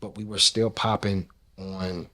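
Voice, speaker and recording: A rap and R&B artist from Nashville, Tennessee tells stories from his life in a casual interview, his voice sitting low at a measured pace. He talks loosely, swears often and acts out what people said.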